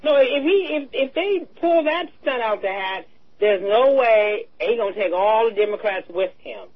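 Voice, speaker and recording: A woman co-hosting a talk radio show, in casual political chat that is animated and slangy. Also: on the high side, normal speed, a crowd in the background. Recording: dull lo-fi radio sound.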